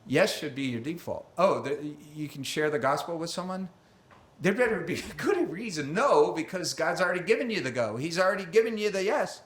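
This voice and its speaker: A man's voice: a little high, lively intonation, brisk. A man preaching a conversational sermon, chatty and self-deprecating, acting out quoted voices along the way. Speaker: pastor. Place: church sanctuary. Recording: roomy church sanctuary echo.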